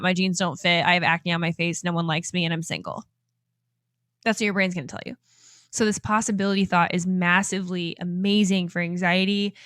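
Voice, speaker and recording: A young woman in her twenties talks straight to her listeners like a life coach, bright and upbeat, breaking into laughter often. Her voice sits in a middle register. The sound is close and dry, with no room around it. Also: medium pitch, no echo. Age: 20s. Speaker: podcast host and life coach. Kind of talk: motivational podcast monologue.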